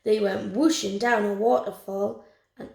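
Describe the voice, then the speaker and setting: Slow, expressive woman reading a storybook aloud. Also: mid-range voice, creaky. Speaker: teacher. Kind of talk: reading a picture book aloud. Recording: roomy echo.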